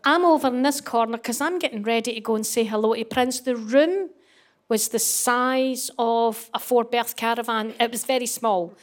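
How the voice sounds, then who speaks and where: A woman's voice: a little high, moderate pace. A middle-aged Scottish woman doing stand-up comedy, telling a story and acting out the voices of the people in it. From Scotland. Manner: animated, acts out voices, laughs through punchlines.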